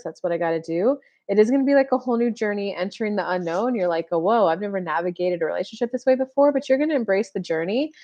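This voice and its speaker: A woman's voice: mid-range voice, a little mellow, dull audio. Chatty woman reading tarot live. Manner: chatty, acts out little dialogues, lots of "like". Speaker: tarot reader.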